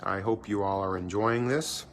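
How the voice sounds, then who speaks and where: Chatty low-voiced man streaming live. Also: fairly even intonation, normal speed, slight background noise. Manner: chatty, playful, self-mocking banter. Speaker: cruise vlogger live streaming. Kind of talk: casual live-stream narration. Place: outdoor cruise ship balcony. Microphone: handheld phone.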